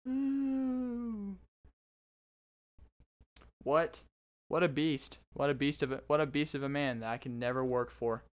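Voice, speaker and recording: A man's voice: medium pitch, fairly even intonation, brisk, smooth. A man in his twenties hosting a podcast, telling stories in a rambling, self-interrupting casual monologue. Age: 20s. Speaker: podcast host.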